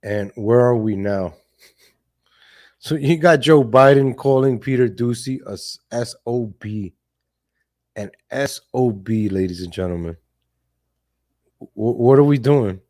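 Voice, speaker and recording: A man's voice: mid-range voice, measured pace, pauses often, darkish tone. A man hosting a live stream, giving blunt, casual political commentary with cursing and frequent laughs. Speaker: livestream host.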